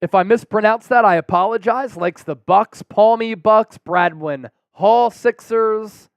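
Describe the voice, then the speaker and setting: A young man hosting a live sports stream, calling the plays and reading out chat shout-outs with energetic, excitable bursts. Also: sits high, measured pace, smooth, no room sound, dull audio.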